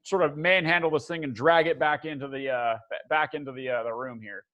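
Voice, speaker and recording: A man with a high voice runs a tabletop game as its game master. He narrates in a rambling way, full of fillers and self-corrections. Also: steady tone, a little fast, a bit bright. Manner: rambling, many fillers and restarts.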